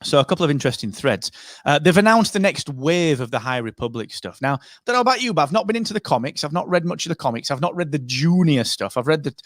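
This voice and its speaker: A fairly high-pitched man co-hosts a podcast, talking quickly with lively intonation. His casual chat wanders, full of fillers and restarts. The studio-quality recording has no room sound.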